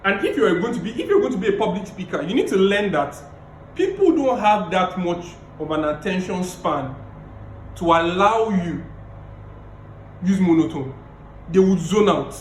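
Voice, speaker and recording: High-voiced man lecturing emphatically. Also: sing-song, echoey room, a little hiss or hum, poor audio. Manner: emphatic, repeats key phrases, deliberately varies tone. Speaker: public speaking lecturer. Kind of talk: virtual lecture on a video call. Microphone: video call mic.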